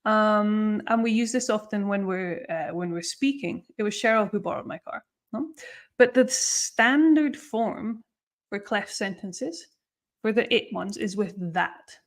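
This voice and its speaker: A woman teaches English grammar live online, her voice at a medium pitch. Patient in her explanations, she repeatedly checks in using "okay?" and "no?".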